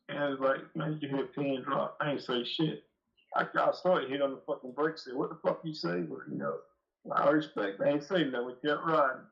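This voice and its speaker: A man's voice: a little high, a little fast, a bit bright, highs cut off. A man telling a long, profane, rambling story on a live call-in show. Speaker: guest dog breeder.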